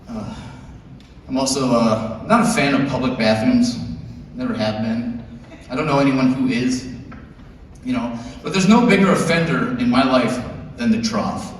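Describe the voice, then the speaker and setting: A man in his thirties performing a stand-up comedy set, telling stories in a deadpan way and jumping into high, squeaky voices to act out quotes. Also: moderate pace, slight background noise. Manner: deadpan storytelling with sudden high-pitched acted-out quotes. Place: large theater stage. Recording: echoey theater from far off with audience laughter.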